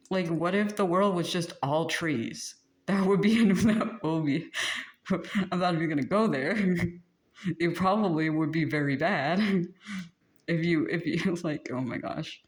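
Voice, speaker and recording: Giggly, rambling channeled tarot reader. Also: mid-range voice. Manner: rambling, many "like" fillers, prone to giggling. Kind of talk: casual spoken spiritual reading.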